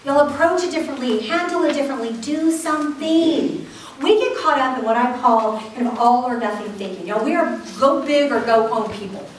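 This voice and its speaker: A woman's voice: sits high, a little fast. A woman giving a humorous motivational talk to a live audience, telling stories with lots of laughs and acted-out quotes. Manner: animated storytelling with frequent laughs and acted-out quotes. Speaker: keynote speaker. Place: large hall with a live audience. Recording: echoey hall, distant mic, audience noise.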